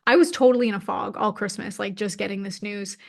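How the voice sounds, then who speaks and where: A woman's voice: medium pitch, fairly even intonation, fast, vocal fry. A woman in her thirties, a guest in an interview, telling a personal story openly and emotionally with many "like" fillers. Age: 30s. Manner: open, emotional, frequent "like" fillers.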